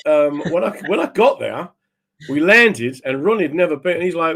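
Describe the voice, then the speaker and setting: Telling funny anecdotes as a guest, a stand-up comic speaks at a moderate pace in a slightly high voice with vocal fry. He stays animated, switching into the voices of the people in his tales.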